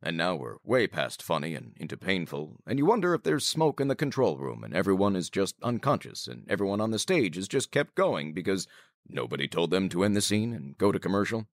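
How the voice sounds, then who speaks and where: Male announcer with a deep, lively-inflected voice, dry studio sound, deadpan promo. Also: a little fast, no room sound. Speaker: show announcer. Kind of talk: scripted comic promo.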